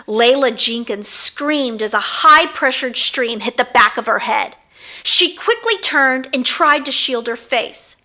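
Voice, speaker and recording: Woman, audiobook narrator, bright tone, unhurried, lively pitch. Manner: expressive storytelling. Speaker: author reading her book.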